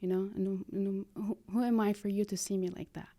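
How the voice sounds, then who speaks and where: A woman, speaking earnestly and haltingly as a podcast guest, slipping in phrases. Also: medium pitch, level tone, warm tone. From Lebanon. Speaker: guest, art therapy practitioner. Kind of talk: conversational podcast interview.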